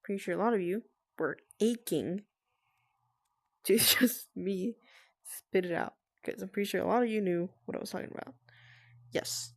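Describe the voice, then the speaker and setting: A woman talking quietly and carefully at home, explaining herself to friends with nervous laughs. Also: medium pitch, normal speed, pauses often. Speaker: vlogger. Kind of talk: casual explainer talk to friends. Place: at home with family nearby.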